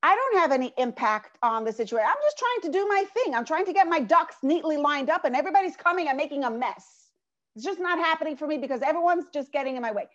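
A woman's voice: high-pitched, lively intonation, fast, a bit bright. Woman doing a whiny self-pitying young man. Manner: aggrieved, complaining rant. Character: whining overwhelmed young male student, self-pitying. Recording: dull lo-fi recording.

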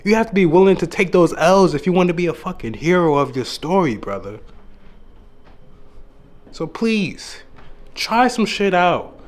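A man's voice: high voice, expressive, a little slow, pauses often. A young man giving a casual, earnest motivational talk to his viewers, swearing freely and calling the listener bro, at times getting emotional. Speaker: dating and self-improvement YouTuber. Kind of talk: motivational monologue to camera.

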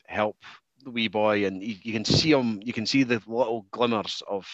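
A man, co-hosting a podcast in casual chat, relaxed and rambling, trailing off quietly. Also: lowish voice, moderate pace, no echo, lo-fi sound. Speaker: podcast co-host.

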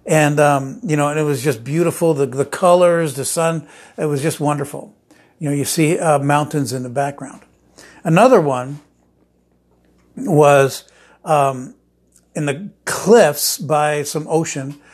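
A man's voice: a little high, unhurried. A man preaching a sermon, telling stories with many restarts and fillers, then building to emphatic declarations.

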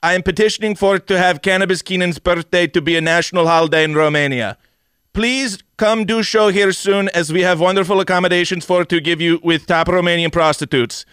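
A stiff, overly formal Romanian fan reads his letter with a clumsy accent, as a man puts it on. The voice sits a touch high and pushes forward. The sound is dry and close. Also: fairly even intonation, drawn-out words, long pauses, pushed and bright, smooth, no room sound, exaggerated voice. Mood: earnest. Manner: clumsy put-on accent, stilted formal phrasing.

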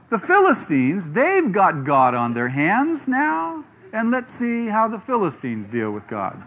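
A man preaching a sermon, retelling a scripture story in a lively way and asking his listeners questions. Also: high voice, breathy edge. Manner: animated, acts out quoted voices, asks the audience questions.

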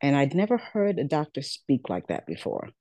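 A middle-aged woman recounts her own story as a podcast guest. She is earnest, repeats herself for emphasis, and slips into the voices of the people she quotes. Her tone is warm and mellow, and the recording is close and dry with no room sound. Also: sits low, huge pitch swings, normal speed, no echo. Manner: earnest, repeats words, acts out quoted dialogue. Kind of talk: personal storytelling in an interview.

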